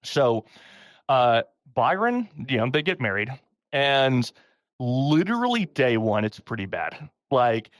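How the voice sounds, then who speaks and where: A man hosts a casual storytelling podcast, laughing often and jumping into a higher voice when he quotes someone. His delivery is full of pitch swings. The sound is close and dry, with no room echo. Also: takes it slowly. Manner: animated, laughing often, acts out quotes in a raised voice. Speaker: podcast host.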